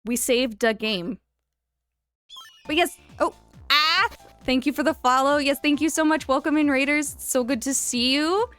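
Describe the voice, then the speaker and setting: A woman's voice: high-pitched, moderate pace, a bit bright, faint music behind. A young woman live-streaming a video game, chatting casually and giggling as she thanks her followers and reads game lines aloud. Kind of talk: casual live-stream chat over gameplay.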